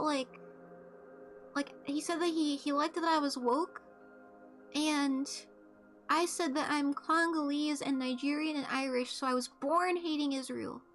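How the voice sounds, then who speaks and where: High-voiced young woman telling a story, casually blunt. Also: a bit bright. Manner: blunt, joking, swears casually; halting restarts, laid-back. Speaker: streamer.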